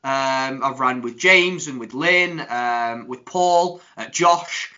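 A man co-hosting a casual podcast, jokey and energetic, teasing his co-host. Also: mid-range voice, slow, lo-fi sound.

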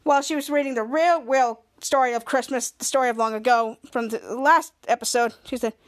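A young woman hosting a podcast, excitedly recapping a TV episode and acting out the characters' lines in playful voices. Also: high-pitched, a little fast. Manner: excited, rambling, acts out quotes in playful voices. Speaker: podcast host.

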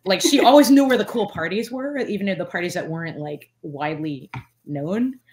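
A woman in her forties, a guest in a casual interview, telling stories with lots of fillers and lively quoted voices. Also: fairly quick, slight background noise. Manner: animated, many fillers, acts out quotes in a higher voice. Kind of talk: casual storytelling chat.

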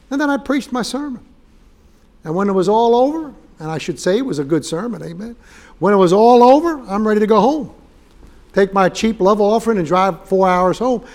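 A man's voice: high-pitched, expressive, a little fast. A man giving a storytelling sermon as a guest preacher, joking and acting out quoted dialogue in different voices. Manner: humorous, acts out quoted dialogue.

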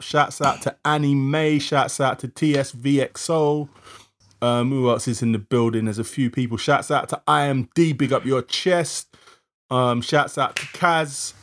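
A man co-hosting a podcast and DJing, chatting in a relaxed, slang-heavy way. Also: medium pitch. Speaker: podcast co-host and DJ. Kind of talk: casual chat.

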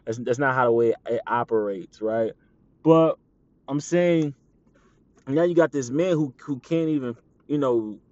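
Animated podcast host, teasing and laughing. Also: male voice, mid-range voice. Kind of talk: casual monologue podcast. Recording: slightly dull lo-fi audio with faint background noise.

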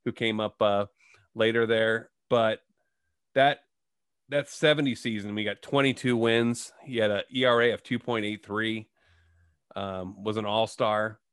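A man's voice: lowish voice, fairly even intonation, unhurried, fairly bright tone, clean tone, dry recording, studio quality. A man hosting a casual sports talk show, reciting player stats and asking his guest questions. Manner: reads stats, asks questions. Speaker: host.

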